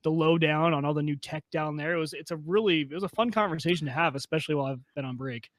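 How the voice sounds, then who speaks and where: A man's voice: a little high, fast talker, no room sound. A young man co-hosting a podcast, chatting in an upbeat, joking way. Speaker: podcast co-host. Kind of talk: casual podcast chat.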